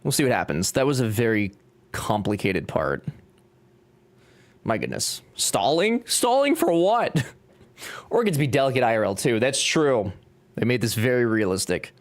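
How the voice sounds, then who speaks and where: Speaking at normal speed in a medium-pitched voice with lively intonation, this young Cajun-accented streamer leaves long pauses. The Louisiana native builds on stream, joking casually and reading his chat out loud.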